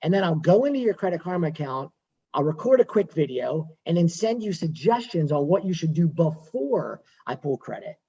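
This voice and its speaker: A man with a husky, slightly high voice talks through home loans on a video call. He is chatty and digressive and repeats his points. The audio is dull and lo-fi. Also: big pitch swings, normal speed, dark tone. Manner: conversational, digressive, repeats himself. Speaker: mortgage lender. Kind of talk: workshop talk on a video call.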